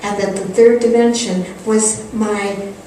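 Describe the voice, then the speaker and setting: A woman's voice: mid-range voice, steady tone, slow pace, dark tone. An older woman giving a spiritual talk and earnestly telling a personal story, acting out the quotes. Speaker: spiritual teacher. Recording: echoey hall, distant mic, faint noise.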